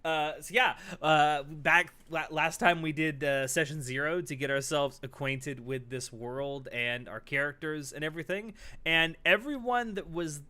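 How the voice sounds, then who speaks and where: A man's voice: a little high, unhurried, hardly any pauses, pushed and bright, clear, resonant tone. A man hosting a live tabletop game stream, upbeat and chatty with frequent fillers. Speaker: host. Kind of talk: casual stream intro.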